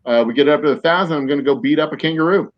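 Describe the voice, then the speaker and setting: A man's voice: on the high side, racing. A man hosting a podcast in casual chat, rambling through jokey, mock-serious tangents. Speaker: podcast host. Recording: dull lo-fi, dry.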